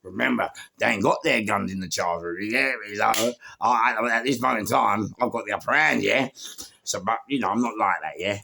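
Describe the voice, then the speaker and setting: A middle-aged man with a London accent, telling his life story in an animated, rambling way, full of street slang and acted-out quotes. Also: on the low side, a little fast, gravelly. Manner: acts out other people's lines, laughs at his own story.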